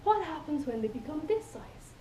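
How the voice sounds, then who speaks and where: A woman's voice: sits high, big pitch swings, normal speed, mellow, a little hiss or hum. A woman with an Irish accent giving a humorous contest speech, telling playful stories and acting out quoted lines. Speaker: contest speaker. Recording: echoey hall from far off.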